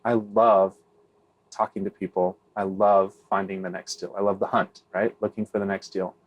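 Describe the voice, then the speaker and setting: A man's voice: sits low, little pitch movement, moderate pace, dull audio. A middle-aged man, a real estate investor, answering interview questions candidly, often tagging on "right?" and restarting phrases.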